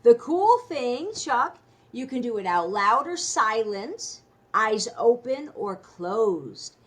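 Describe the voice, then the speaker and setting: Female guest, slightly high voice, upbeat explainer. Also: very animated, takes it slowly. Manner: enthusiastic, explains simply. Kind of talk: casual instructive interview talk.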